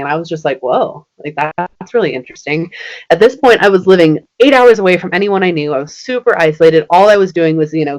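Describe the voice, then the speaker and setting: A woman in her thirties, a podcast guest, telling a personal story in casual, chatty speech full of "like" and acting out the lines of people in it. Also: sits low. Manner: chatty, many "like" fillers, acts out quoted dialogue.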